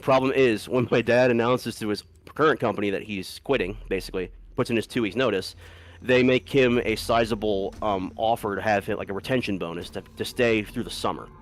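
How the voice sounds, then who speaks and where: A man's voice: fairly low pitch, fairly quick. A man casually telling a long story to friends, rambling, swearing freely and often breaking into laughter.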